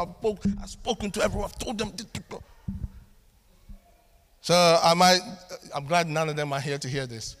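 A man preaching a sermon to his church, animated and acting out little family scenes as he talks. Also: sits high, vocal fry. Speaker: pastor. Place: church hall. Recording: long hall reverb.

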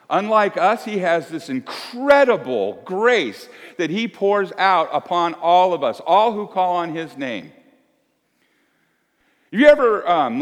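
A man in his fifties preaching a sermon as pastor, conversational and swinging between loud emphasis and hushed asides. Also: on the high side, long reverb tail. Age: 50s. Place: church.

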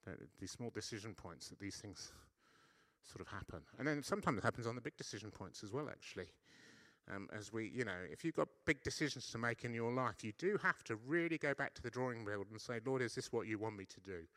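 Chatty male preacher, bright dry voice. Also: medium pitch, expressive, fairly quick, dry recording. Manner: conversational, self-deprecating, frequent "yeah?" checks. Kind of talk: sermon. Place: church.

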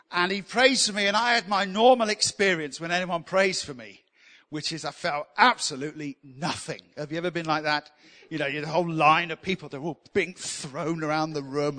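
A pastor, preaching a sermon full of humorous, self-deprecating stories. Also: male voice, on the high side, measured pace, pauses often, bright, forceful tone. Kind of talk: sermon with storytelling. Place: church hall. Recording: long hall reverb.

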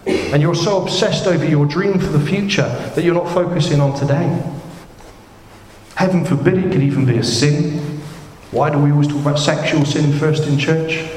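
A man in his thirties preaching a sermon, chatty and jokey, with sudden excited rises. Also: fairly high pitch, normal speed, slight background noise. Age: 30s. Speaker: pastor. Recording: echoey hall, faint room ambience.

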